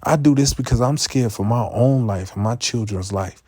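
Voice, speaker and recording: A man's voice: medium pitch, moderate pace, no echo. Ranting profane man preaching. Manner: profane, repetitive, stammering restarts, rising into shouts. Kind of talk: impassioned street preaching rant.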